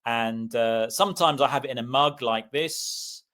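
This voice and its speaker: British male co-host, mid-pitched, easygoing conversational delivery. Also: a little slow, a bit bright. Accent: British English. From Britain. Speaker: podcast co-host. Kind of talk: casual podcast chat.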